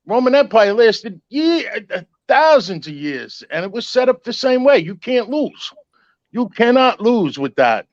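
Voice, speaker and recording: A man's voice: very high-pitched, very animated, a little slow, dry recording, dull audio. An older man chatting casually as a guest, nostalgic and rambling, often calling people "man.". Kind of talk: casual chat.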